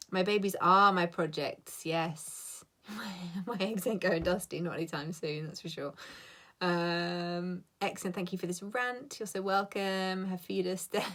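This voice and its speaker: A woman's voice: medium pitch, bright, forceful tone. A woman in her thirties ranting blunt and sweary on a live stream as a coach, laughing often. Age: 30s.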